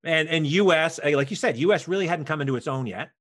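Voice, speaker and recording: A man's voice: on the high side, quick pace, fairly bright tone. A man co-hosting a casual podcast, lecturing on history with jokes. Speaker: podcast co-host.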